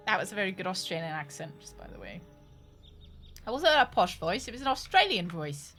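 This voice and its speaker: A woman's voice: lowish voice, very animated, brisk, bright, forceful tone, faint music behind. A young woman streaming a game, joking and giggling in casual commentary.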